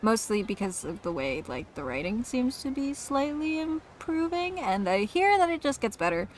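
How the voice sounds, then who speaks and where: A woman's voice: on the high side, very animated, moderate pace, a little hiss or hum. A woman streaming a game, chatting casually in a rambling, giggly, self-mocking way.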